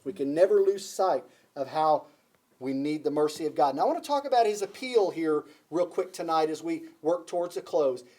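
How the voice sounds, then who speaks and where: A man's voice: a little high, lively intonation, normal speed, darkish tone. A man preaching a sermon to a congregation, emphatic, repeating key phrases and asking the listeners questions. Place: church before a congregation.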